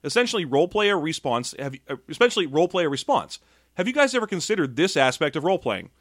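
A young man co-hosting a tabletop gaming podcast, chatting casually with animated, jokey asides. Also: fairly high pitch, fast talker, dry recording, clean studio sound. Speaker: podcast co-host. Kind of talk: casual chat.

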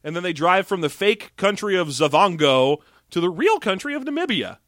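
A man co-hosting a casual podcast, recapping a movie in an animated, sarcastic way with quick asides. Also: high voice, no echo, studio quality. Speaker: podcast co-host.

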